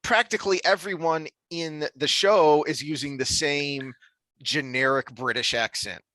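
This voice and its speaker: A man co-hosting a podcast, talking through a TV series review in an animated, rambling way with frequent restarts. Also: fairly high pitch, measured pace, no room sound. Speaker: podcast co-host. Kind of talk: casual review discussion.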